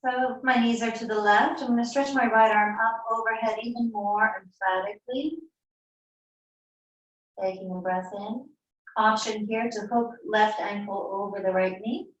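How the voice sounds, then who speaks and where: A woman yoga teacher giving slow, soothing, unhurried cues in a live class. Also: on the high side, steady tone, muffled recording. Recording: echoey room, mic far off.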